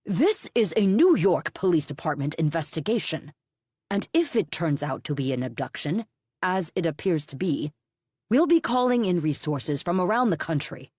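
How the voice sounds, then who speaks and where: A woman's voice: on the low side, big pitch swings, normal speed, a little mellow, slightly rough, dry recording, studio quality. Woman reading as a curt, hostile police captain. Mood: stern. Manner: curt, commanding and dismissive.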